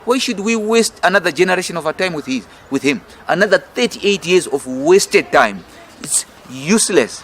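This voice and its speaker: Man, middle-aged, Zimbabwean accent, fiery and emphatic, rhetorical, political interview, fairly high voice, faint outdoor noise. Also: expressive, moderate pace, a bit bright. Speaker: political campaign leader. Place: outdoor restaurant in city gardens.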